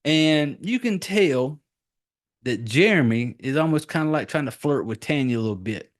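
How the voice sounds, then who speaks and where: A man's voice: a little high, expressive, moderate pace. A man in his forties, a podcast host, giving a rambling, profane casual recap of a movie.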